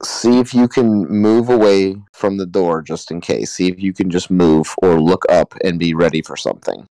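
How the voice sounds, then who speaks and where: A man's voice: low-pitched, normal speed, dark tone, no room sound, poor audio. A man playing a tabletop game, planning his moves hesitantly with many restarts. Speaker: player. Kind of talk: casual tabletop play chat.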